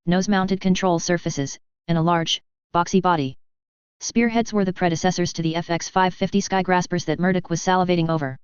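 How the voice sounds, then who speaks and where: A woman reads fan fiction aloud in an even, plain way. Her voice is very smooth and somewhat low, and the recording sounds dry and dull. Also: dry recording. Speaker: narrator.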